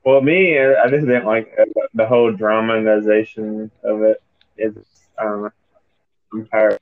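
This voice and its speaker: A man's voice: on the low side, flat delivery, measured pace, no echo. A man co-hosting a casual podcast, rambling and hesitating with lots of "uh" and "like" while recapping wrestling. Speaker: podcast co-host. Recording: tinny phone-like call audio.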